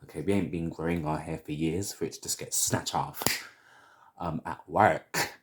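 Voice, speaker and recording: A man in his thirties from London talks casually to camera, opinionated and rambling. His London accent is plain, and his voice sits very low. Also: steady tone, background noise. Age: 30s. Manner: chatty and opinionated, drawn-out asides. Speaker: hair vlogger.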